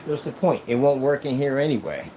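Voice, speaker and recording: Man, vlog rant while working, boastful, mocking, rambling, mellow, faint noise behind. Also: mid-range voice, expressive, brisk, poor audio. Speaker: screen maker.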